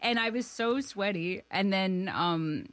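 A woman's voice: medium pitch, slow pace, fairly bright tone, no room sound. A woman in her thirties from Canada, a filmmaker guest in an interview, talking casually and laughing often at herself. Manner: chatty and self-deprecating, laughs often.

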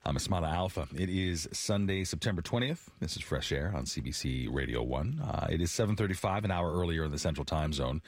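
Male radio host, low, animated voice, relaxed banter, dry studio sound. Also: brisk, hardly any pauses, dry recording. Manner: relaxed, chatty, laughs easily. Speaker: radio morning show host. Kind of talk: casual on-air chat. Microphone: studio mic.

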